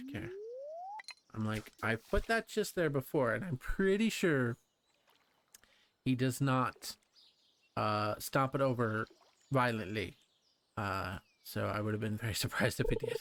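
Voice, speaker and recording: A man's voice: mid-range voice, animated, a little slow, a bit bright. A man giving casual, playful let's play commentary, rambling chattily with plenty of fillers as he plays.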